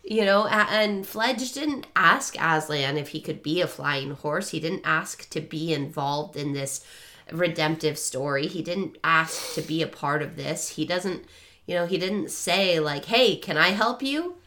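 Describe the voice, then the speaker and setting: A woman's voice: low-pitched, a little slow, pushed and bright. A woman co-hosting a podcast, talking through a book in a rambling, self-correcting way. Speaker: podcast co-host. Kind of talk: casual book discussion.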